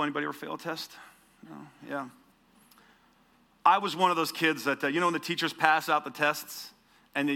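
A man delivers a sermon with a bright, forceful tone and a slightly higher voice than most men. He speaks conversationally, often asking the listeners direct questions. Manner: conversational preaching with rhetorical questions. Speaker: pastor.

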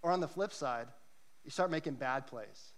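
A man's voice: mid-range voice, expressive, moderate pace, slight background noise. A man preaching a sermon to a church congregation, earnest and emphatic, telling stories to make his points. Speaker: pastor. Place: church service.

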